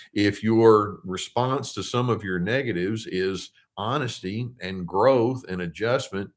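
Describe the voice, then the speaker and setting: An older man, a therapist hosting his channel, giving casual advice to viewers in a gentle, reflective way with many pauses and restarts. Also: lowish voice. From United States. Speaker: therapist host.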